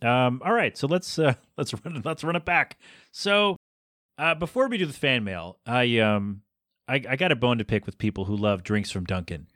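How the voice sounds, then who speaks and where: A man's voice: mid-range voice, expressive, normal speed, a bit bright, dry recording, studio quality. A man hosting a solo podcast, rambling and self-deprecating as he rants about small annoyances. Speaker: podcast host.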